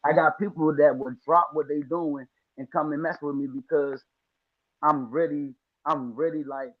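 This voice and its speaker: A man from the Washington, D.C. area talks through his lawn care story in casual, slangy podcast chat. His voice sits a little high, and he keeps acting out what people told him. The sound is slightly dull and lo-fi. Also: fairly even intonation, moderate pace. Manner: storytelling with acted-out quotes, slangy. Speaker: podcast guest, lawn care business owner.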